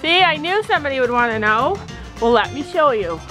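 A Canadian mom chats casually to her viewers through a handheld camera, speaking straight to them in a vlog. Her voice sits high and is expressive, going a little fast. Music plays underneath, and the recording is rough.

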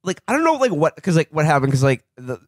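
Brief: male comedy podcast co-host, slightly high voice, rambling and mocking, dry close mic. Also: very animated, quick pace, no echo. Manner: rambling, lots of fillers and restarts, mocking quoted voices. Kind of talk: loose comedic chat.

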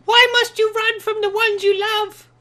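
Player doing a super high squeaky hazmat-suit guy, giddy and unhinged, calls himself mister hazmat, bright and piercing. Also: level tone, unhurried, heavily acted. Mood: goofy. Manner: refers to himself in third person, erratic swings between glee and rage. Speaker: game video player. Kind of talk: comedic role-play over online gameplay.

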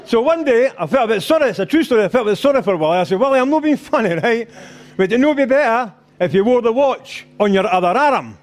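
Onstage in a rugby club function room, a middle-aged Scottish comic delivers a live stand-up set full of rowdy stories, swearing and character voices. He speaks fast in a very high-pitched, expressive voice, storytelling boisterously.

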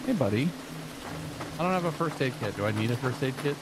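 A man calling out every move and reacting loudly while playing a horror game with friends, over noisy game audio. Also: medium pitch, lively intonation, quick pace. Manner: jumpy, exclaiming, talks through every move. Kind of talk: casual gaming chat.

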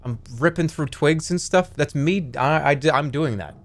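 A man's voice: on the high side, moderate pace, hardly any pauses, soft background music. A man streaming, chatting casually and reading a text adventure aloud in a rambling, giggly, profane way.

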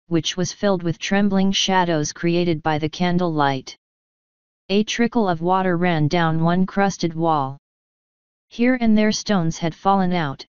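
A woman narrating an audiobook in a measured, even storytelling manner. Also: lowish voice, clean tone, dry recording, muffled recording. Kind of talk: scripted narration.

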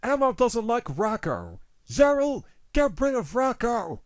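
A man voicing a childlike little puppet monster through an app voice-changing filter, high and bossy. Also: wildly swooping pitch, measured pace, no room sound, clean studio sound, heavily acted.

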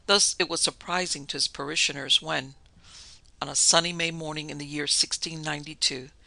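Gravelly, bright-voiced male storyteller. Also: fairly high pitch, no room sound. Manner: measured, dramatic storytelling. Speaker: podcast narrator. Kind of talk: scripted horror story narration.

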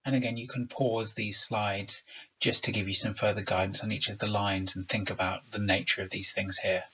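Male teacher, remote lesson, low husky voice, patient explainer, dull lo-fi recording. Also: level tone, normal speed, fairly bright tone. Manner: explanatory, stresses rhythm aloud.

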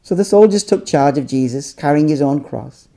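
A man, a pastor, reading scripture aloud in a measured, dramatic way. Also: a little high, lively intonation, vocal fry, warm tone.

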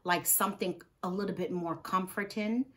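A woman's voice: medium pitch, moderate pace. Woman telling an earnest story. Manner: lively storyteller who acts out others' words; earnest, heartfelt. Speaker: nurse; vlogger. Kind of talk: storytime vlog.

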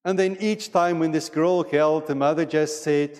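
A man preaching a sermon as pastor, with a measured and deliberate delivery in a church sanctuary. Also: on the high side, fairly even intonation, a little mellow. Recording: long reverb of a church hall.

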